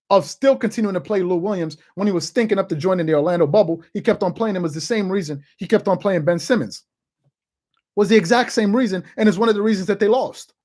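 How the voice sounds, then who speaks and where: Thirty-something sports host, forceful and repetitive, ranting opinion piece to camera. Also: mid-range voice. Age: 30s. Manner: emphatic and repetitive, hammering points home.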